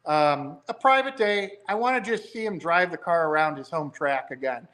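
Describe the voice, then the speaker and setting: Higher-voiced man telling car-build stories. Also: normal speed, fairly bright tone. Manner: enthusiastic storyteller, rambling. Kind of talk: casual chat.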